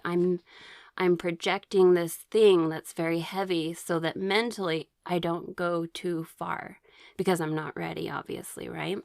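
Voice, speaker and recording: A woman talks through her own experiences in a rambling, chatty way, stopping to read from her notes. Her voice sits a little low, and the sound is dry and close with no room around it. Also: no echo. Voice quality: occasional throat clearing. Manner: chatty, rambling with many fillers and restarts. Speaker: vlogger sharing personal experiences. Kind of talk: casual personal storytelling.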